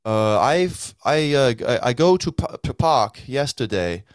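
A man's voice: mid-range voice, lively intonation, smooth, dry recording, studio quality, pitched above the performer's own voice, lightly acted. A man voicing an adult learner who stammers and stalls while speaking English. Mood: hesitant. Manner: halting, stammering, slow.

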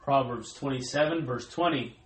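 Man, scripture reader, measured recitation, mid pitch, echoey room. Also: slight background noise. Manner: slow, measured recitation of old-style verse. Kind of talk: reading scripture aloud.

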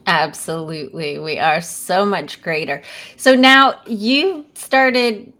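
A woman's voice: on the low side, lively intonation, takes it slowly, sharp tone. A woman interviewing a guest, affirming his points and asking thoughtful questions. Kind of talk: conversational interview.

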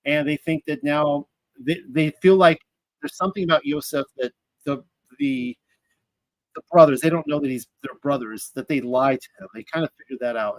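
Man reading scripture, higher voice. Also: no room sound, low-quality recording. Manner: casual, thinks aloud with fillers and restarts. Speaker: Bible study teacher.

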